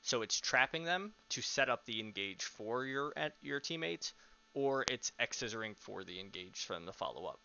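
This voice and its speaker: Bright-toned young man coaching over voice chat. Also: mid-range voice, normal speed, vocal fry, dull audio, a little hiss or hum. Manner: relaxed, frequent um fillers, explains step by step.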